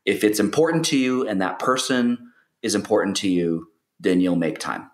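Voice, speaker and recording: A man's voice: fairly low pitch, expressive, moderate pace, reverberant. A man speaking as a podcast guest, blunt and emphatic, often chiming in with short remarks. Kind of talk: casual conversation.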